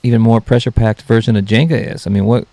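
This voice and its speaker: A man's voice: on the low side, fairly even intonation, quick pace, mellow, no echo. A man hosting a comedy podcast, rambling through off-color jokes and poking fun at himself. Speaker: podcast host.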